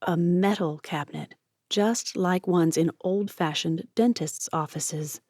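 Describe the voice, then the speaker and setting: Lower-voiced woman narrating an audiobook. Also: slow, no echo, studio quality. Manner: steady, expressive reading.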